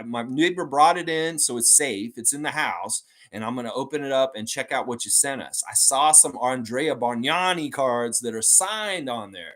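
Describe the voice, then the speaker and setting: Animated man hosting a fan livestream. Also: mid-range voice. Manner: rambling and animated, with many fillers like "and stuff like that". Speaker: host of a fan channel livestream. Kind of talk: casual livestream chat, reading out viewer comments.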